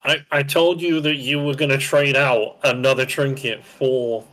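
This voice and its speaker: A young man with a bright, forceful voice talks through a live gameplay stream. He gives a teammate blunt, bossy instructions and curses when he gets frustrated. His pitch sits in an ordinary middle range. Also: steady tone, unhurried.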